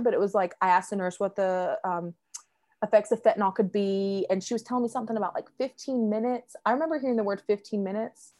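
A woman's voice: mid-range voice, fast talker, mellow. A young woman in casual conversation, telling a personal story in a chatty way, with lots of fillers and quoted voices. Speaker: guest sharing a birth story.

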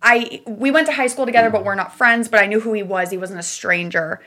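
A woman's voice: mid-range voice, a little fast, a bit bright. A young woman co-hosting a podcast, telling a candid, giggly story in casual chat. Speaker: podcast co-host.

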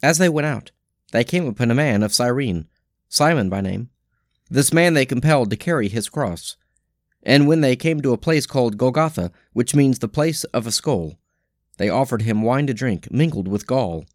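A man's voice: mid-range voice, expressive, no echo. Solemn male scripture reader, dry sound. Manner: measured, solemn reading. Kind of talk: reading a daily lectionary.

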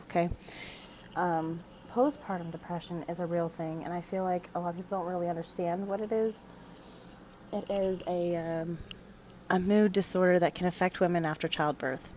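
A young woman hosting a podcast, talking in a halting, confessional way as she shares a personal story. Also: on the low side, darkish tone, slight background noise, low-quality recording. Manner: emotional, confessional, halting with restarts. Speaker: podcast host.

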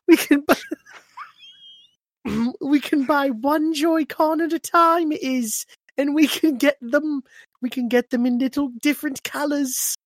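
A man putting on a prissy fake British accent, gushing in a sing-song mock delight on a podcast, slow and drawn-out. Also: extremely high pitch, steady tone, dry recording, pitched above the performer's own voice. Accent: put-on British. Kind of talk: comic bit on a podcast.

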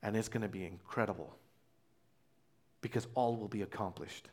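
A man voicing a calm, assured male teacher, quiet, low and matter-of-fact. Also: moderate pace, natural voice.

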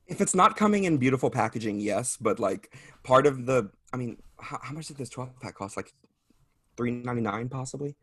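A man's voice: medium pitch, animated, normal speed, fairly bright tone, husky, no echo. A man chatting as a podcast guest, rambling and self-deprecating, laughing often. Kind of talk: casual chat.

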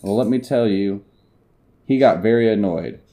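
A young man reading an internet story aloud and chatting on a casual podcast, deadpan with bursts of laughter. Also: lowish voice, moderate pace.

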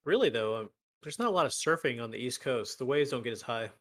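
A man co-hosting a live stream, trading jokes and poking fun at himself. His voice sits in a middle pitch, recorded close and dry with no room sound. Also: lively intonation, fast talker, no room sound. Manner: joking, self-deprecating banter. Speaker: podcast co-host. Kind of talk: casual chat.

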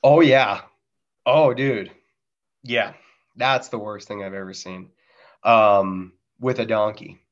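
Slowly and with long pauses, a Marine veteran on a podcast shares war stories casually, candidly and profanely, mimicking the sound of gunfire. His voice is fairly low, and the audio is lo-fi.

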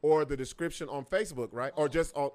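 Man, podcast co-host, slightly high voice, slangy, joking, casual livestream chat. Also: brisk. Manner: joking, slangy, reads viewer shout-outs.

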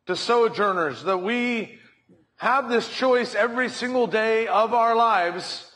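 A man's voice: high voice, a bit bright. A male pastor preaching a sermon from a church stage, telling stories and acting out voices. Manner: storytelling, acts out voices in anecdotes.

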